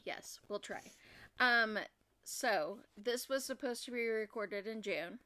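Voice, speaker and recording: A young woman from Oregon co-hosting a casual true-crime podcast, talking in a halting way with many fillers and restarts. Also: fairly high pitch, bright, forceful tone. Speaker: podcast co-host.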